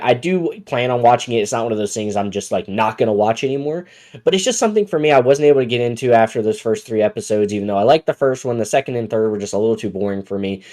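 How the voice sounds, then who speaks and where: A man's voice: mid-range voice, darkish tone. A man co-hosting a podcast, chatting casually and rambling with lots of fillers. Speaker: podcast co-host. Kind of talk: casual chat.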